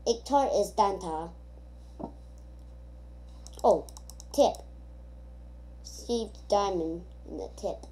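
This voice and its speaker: A woman's voice: medium pitch, very slow, pauses often, dark tone. A woman giving casual gameplay commentary, rambling and thinking aloud with many hesitations. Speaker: gamer.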